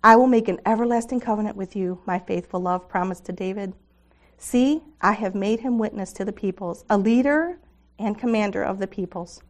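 A middle-aged woman with a mid-range voice speaks at a normal speed to a group of women. Earnest and devotional, she reads scripture aloud and laughs together with her audience.

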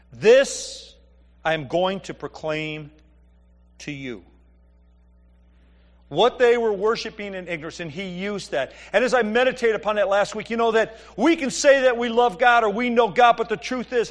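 A middle-aged male pastor preaching a sermon, reading scripture and telling jokey family stories in a conversational way. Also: high voice. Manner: conversational, joking storytelling with Bible reading.

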